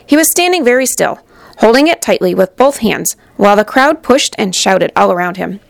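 Female storybook narrator; expressive, gravelly, higher register, dry close sound. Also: normal speed, no room sound. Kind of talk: storybook reading aloud.

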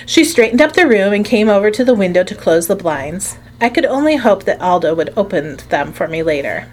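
A woman reading a children's storybook aloud in an expressive storytelling way. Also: medium pitch, brisk. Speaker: narrator. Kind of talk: audiobook narration.

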